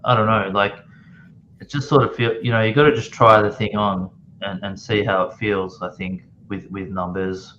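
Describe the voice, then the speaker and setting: A man's voice: on the low side, steady tone, moderate pace, fairly bright tone, muffled recording, a little hiss or hum. A man joining a live watch chat over a video call, easygoing and rambling with lots of restarts.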